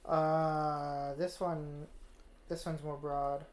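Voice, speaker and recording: A woman co-hosting a podcast, chatting casually with wry, deadpan asides while watching a movie. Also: low voice, drawn-out words, roomy sound. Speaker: podcast co-host.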